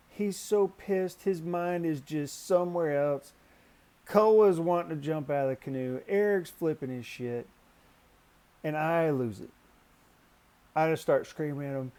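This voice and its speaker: A man's voice: measured pace, pauses often. A man telling a story casually and animatedly, swearing freely, his voice jumping up when he gets worked up. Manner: profane, animated, pitch jumps when excited. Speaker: storyteller recounting a canoe trip.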